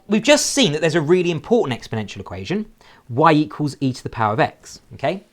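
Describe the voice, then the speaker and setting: A man teaching a recorded maths lesson, explaining step by step and checking in with "okay?" after nearly every sentence. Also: on the high side. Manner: lively, shifting emphasis, slows down to spell out key phrases.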